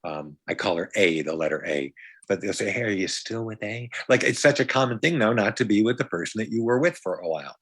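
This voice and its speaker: A man from upstate New York speaks as a podcast guest in a somewhat low voice. He rambles in a loose, jokey way, often restarting his sentences and tossing in playful asides. The sound is dry, with no room around it. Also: expressive, fast talker, fairly bright tone, slightly rough, no room sound. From Brighton, Rochester, New York. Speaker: guest, comedian and magician. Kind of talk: casual conversation.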